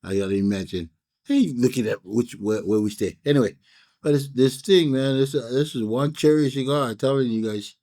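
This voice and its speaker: A man's voice: medium pitch, brisk, warm tone. Laid-back man with a Hawaiian pidgin accent. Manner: rambling, laid-back storytelling with many fillers and restarts. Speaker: cigar reviewer and storyteller. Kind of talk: casual chat.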